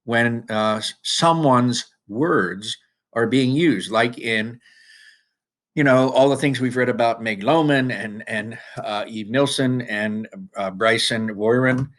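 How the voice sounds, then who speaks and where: A man teaching students through a worksheet, talking casually with frequent restarts and lively emphasis. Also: medium pitch, slow pace. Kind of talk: recorded classroom lesson.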